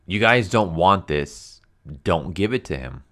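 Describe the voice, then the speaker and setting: A man with a very low voice delivers a casual comic book review as a rant. He sounds blunt and exasperated and keeps leaning on fillers like "like" and "you know.". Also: animated, unhurried, fairly bright tone.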